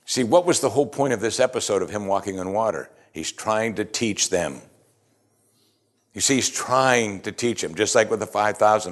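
Speaking at a moderate pace in a fairly low voice, a man delivers a sermon conversationally. He asks rhetorical questions and breaks into lively surges of emphasis.

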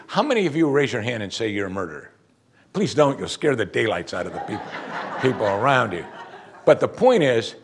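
A pastor preaching a sermon with emphatic, lively delivery and frequent rhetorical questions. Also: male voice, mid-range voice, husky.

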